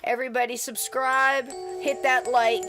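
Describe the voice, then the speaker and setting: A woman co-hosting a podcast, talking casually about spooky video clips. She is animated and laughs often, with a fairly high voice. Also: unhurried, soft background music. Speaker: podcast co-host.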